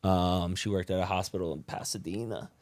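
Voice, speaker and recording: A man speaks in a low, relaxed voice as a podcast guest and tells his own story. His talk is slangy and loose, with plenty of fillers and restarts. The sound is dry and close, with no room around it. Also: a little fast, no echo. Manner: laid-back and slangy, with many fillers and restarts. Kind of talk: casual storytelling about his recovery.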